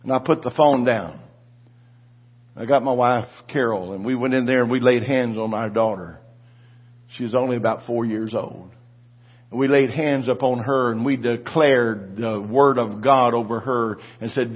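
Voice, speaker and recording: A pastor in his seventies telling a testimony in a sermon, his voice rising to shouted declarations. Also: mid-range voice, moderate pace, breathy edge, dull audio.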